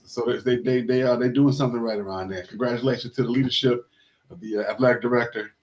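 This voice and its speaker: A man's voice: mid-range voice, steady tone, fast talker, dull audio. Rambling male sports talk host. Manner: rambling, many fillers and restarts, shout-outs. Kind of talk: casual sports talk show.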